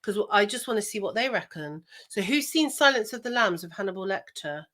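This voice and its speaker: A woman's voice: mid-range voice, expressive, fairly quick, a bit bright. A woman co-hosting a podcast, chatting casually, hopping between topics and laughing often. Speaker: podcast co-host. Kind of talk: casual chat.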